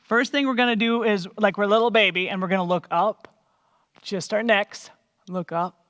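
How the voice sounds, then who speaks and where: A man leading a church children's program through stretches and vocal warm-ups in an upbeat, encouraging way. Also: sits high, steady tone, brisk. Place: church hall. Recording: echoey hall.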